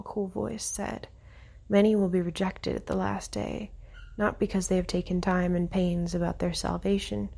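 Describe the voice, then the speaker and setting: Host, woman, reads devotional prose aloud, soft and near-whispered, gravelly and husky, dark tone. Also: on the low side. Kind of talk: reading a devotional text aloud with brief comments.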